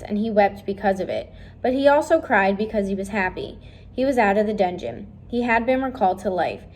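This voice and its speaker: A woman reading a children's novel aloud, speaking directly and warmly to her listeners. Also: medium pitch. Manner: friendly, direct address to listeners. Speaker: reader of a children's book. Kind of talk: read-aloud storytelling.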